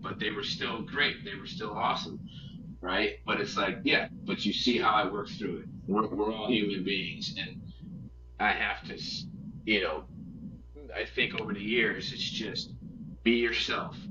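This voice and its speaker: A man talking as a podcast guest, earnest and rambling, often restarting his sentences. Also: lowish voice. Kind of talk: casual interview chat. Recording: roomy, distant, muffled with loud noise.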